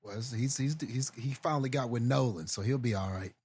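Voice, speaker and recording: A man's voice: mid-range voice, brisk, a little mellow, breathy edge. A man co-hosting a movie podcast, talking earnestly and casually, often restarting and tagging sentences with "man". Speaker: podcast co-host.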